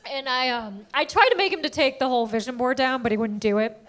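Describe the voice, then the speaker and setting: A woman with a high, bright-pitched voice performs stand-up comedy on a stage into a handheld mic. She tells her stories with lively, animated energy and often laughs at her own punchlines. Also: quick pace.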